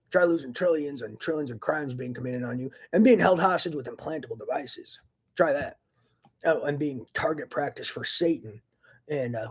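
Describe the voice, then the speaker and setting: Husky-voiced man on an angry rant. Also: medium pitch. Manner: profane, agitated, swings between loud outbursts and muttering. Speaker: vlogger. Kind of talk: angry ranting monologue.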